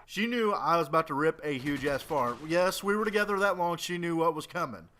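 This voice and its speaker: A man's voice: a little high, fairly quick, pushed and bright, a little hiss or hum. A man in his late twenties telling a rambling, profane, joking story as casual commentary over a video game. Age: 20s. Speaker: gaming commentator.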